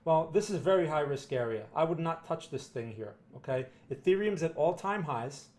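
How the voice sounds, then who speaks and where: Blunt New Jersey man, higher voice. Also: lively intonation, moderate pace, a little mellow. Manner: emphatic, blunt, repeats "right?" and "okay?". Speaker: market analyst answering viewer questions. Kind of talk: live-stream chart commentary.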